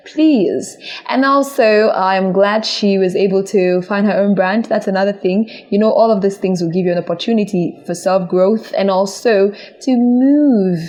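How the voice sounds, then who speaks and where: Young female podcast host, mid-pitched, earnest and encouraging. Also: a little mellow. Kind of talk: casual monologue.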